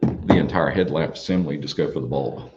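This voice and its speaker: A man hosting a casual live Q&A from a small studio, talking in a relaxed, folksy way with plenty of fillers and restarts. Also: very deep voice, a little fast, lo-fi sound, heavy background noise. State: out of breath. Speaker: parts company host answering viewer questions.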